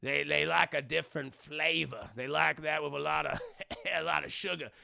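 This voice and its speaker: A man's voice: on the high side, steady tone, moderate pace, sharp tone, exaggerated voice. A man doing a grumpy, crude old uncle. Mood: mocking. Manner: gruff, grumbling, crude.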